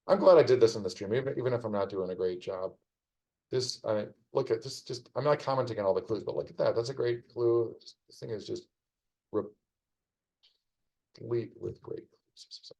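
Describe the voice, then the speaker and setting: A man's voice: fairly low pitch, vocal fry, warm tone, poor audio. A man casually commenting on a live stream as he solves a crossword, rambling through clues with wry asides. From United States.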